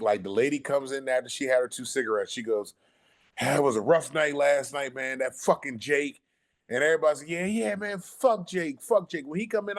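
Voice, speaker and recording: A man telling a story casually on a podcast, animated and profane, acting out the people he quotes. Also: mid-range voice. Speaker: podcast guest.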